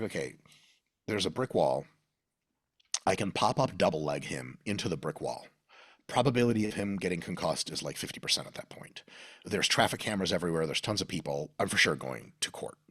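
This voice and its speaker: Guest, male, low voice with a lot of swing, a husky edge, dry close sound, rambling and profane. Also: no room sound. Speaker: podcast guest. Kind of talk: casual storytelling.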